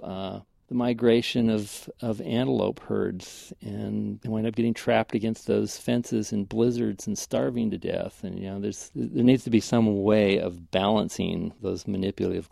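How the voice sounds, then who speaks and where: A man's voice: on the low side, gravelly, dark tone, no echo, studio quality. A man, a bookstore manager, talking wryly and conversationally in an interview. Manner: wry, conversational, with restarts.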